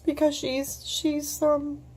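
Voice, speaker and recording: A woman's voice: sits high, little pitch movement, takes it slowly, a little mellow. A woman in her fifties, telling a personal story on her vlog in a rambling way, full of fillers, restarts and casual swearing, into her computer's mic at home. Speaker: vlogger.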